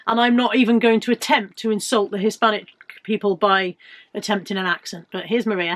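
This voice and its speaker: Speaking a touch quickly in a medium pitch, the British reseller vlogger in her fifties chats about her finds casually, with plenty of self-mocking humour.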